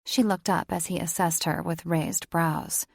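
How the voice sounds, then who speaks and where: A woman narrating a romance audiobook in a measured, even storytelling voice. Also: on the low side, creaky, slightly rough, no echo, clean studio sound. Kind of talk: scripted narration.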